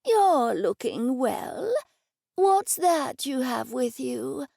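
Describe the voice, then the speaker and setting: A woman voicing a slightly deaf, doddering old man who talks slowly and quavers. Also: sits high, sing-song, gravelly, warm tone, dry recording, clean studio sound, heavily acted.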